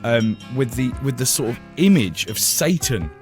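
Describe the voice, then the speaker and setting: A man's voice: mid-range voice, soft background music. A man hosting a comedy radio talk show, telling stories with lots of laughs and acting out voices. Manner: animated storytelling, quick laughs, acts out other voices. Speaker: radio host.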